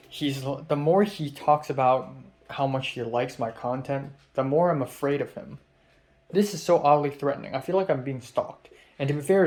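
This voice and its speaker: A man's voice: on the high side, darkish tone. A young man from Hong Kong vlogging in a casual, rambling rant, swearing a lot and restarting his sentences. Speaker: YouTube vlogger.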